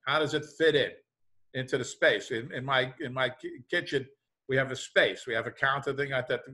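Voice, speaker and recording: Bright-voiced middle-aged man lecturing on a call. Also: medium pitch, brisk. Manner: conversational, repeats "thing like that", worked examples. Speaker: business professor. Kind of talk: lecturing over a video call. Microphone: video call.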